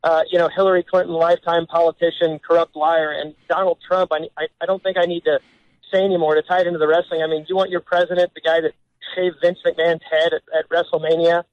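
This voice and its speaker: Earnest stammering male caller, high-pitched. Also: flat delivery, quick pace, no echo, lo-fi sound. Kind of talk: radio call-in.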